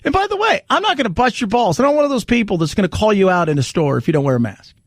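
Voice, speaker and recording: A man's voice: high voice, lively intonation, very fast, dry recording, studio quality. A man hosting a talk radio show, riffing animatedly in casual commentary and repeating lines for emphasis.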